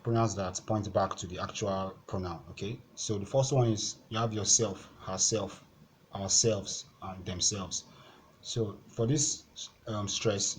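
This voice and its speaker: A Nigerian man with a fairly low voice teaches an exam-prep lesson from a board. He talks patiently and repeats each point, dropping in "okay" and "so" as he goes. A faint hiss of noise sits under the recording.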